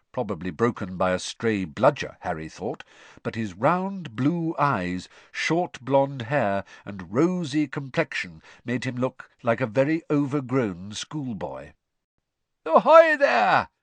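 A man reading a novel aloud as its narrator, his pitch moving lively and expressively through each sentence. The recording sounds close and dry, with no room in it. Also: slow, no echo. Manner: expressive storytelling. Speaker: audiobook narrator. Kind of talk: scripted narration.

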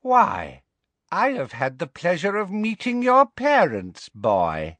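A man voicing a cruel, gleeful female dark witch in a high, gloating voice. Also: huge pitch swings, slow pace, no room sound, exaggerated voice.

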